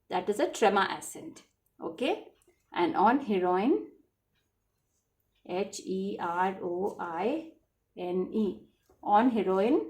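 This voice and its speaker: A woman's voice: mid-range voice, darkish tone. A woman teaching children French spelling, patient and repetitive, spelling words out letter by letter. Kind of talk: classroom lesson explaining spelling.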